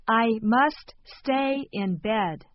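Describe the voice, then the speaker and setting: Woman reading phrases very slowly. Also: fairly high pitch, no echo. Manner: calm, careful enunciation. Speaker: language lesson speaker. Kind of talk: slow phrase reading for a language lesson. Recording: dull, lo-fi sound.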